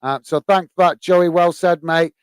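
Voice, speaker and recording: A man's voice: high voice, steady tone, normal speed, clear, resonant tone, no echo. An English man hosting a live football stream, reading fan comments aloud with lots of fillers and friendly "mate" replies. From England. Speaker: host reading live chat.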